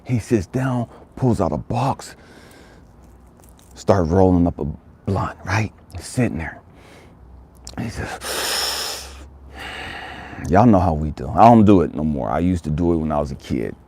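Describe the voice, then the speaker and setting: Husky, low-voiced male motivational storyteller, emphatic and repetitive. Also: expressive, normal speed, dark tone. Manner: emphatic, repeats phrases for effect. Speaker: motivational speaker.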